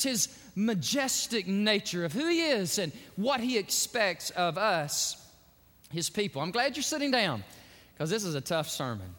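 A high, bright-voiced preacher who tells sermon stories in a folksy, laughing way. His pitch swings widely as he builds a point. He is heard in a reverberant church sanctuary. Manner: folksy storytelling, quick to laugh. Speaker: pastor.

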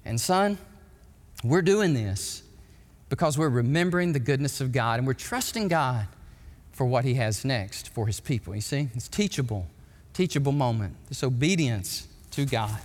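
A man pastor preaching a sermon in a church, emphatic and storytelling, with sudden excited quotations. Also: medium pitch, moderate pace. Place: church sanctuary. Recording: long hall reverb.

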